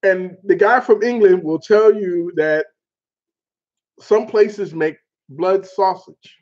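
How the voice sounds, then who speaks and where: High-voiced man telling a lively story. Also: slow pace. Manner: animated, laughing, mild cursing. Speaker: show host. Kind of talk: casual storytelling chat. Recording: dull lo-fi sound.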